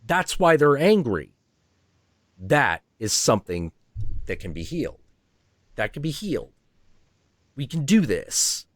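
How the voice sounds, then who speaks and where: A man's voice: medium pitch, very animated, a little slow, long pauses, dry recording, studio quality. A man hosting a livestream, ranting heatedly and profanely, acting out imagined dialogue. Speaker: stream host.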